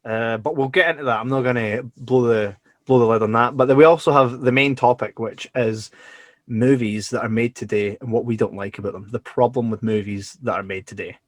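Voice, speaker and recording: A man's voice: medium pitch, a little fast, no echo, clean studio sound. A Scottish man co-hosting a podcast, chatting casually and jokily, swearing freely. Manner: swears freely, lively and jokey. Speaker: podcast co-host.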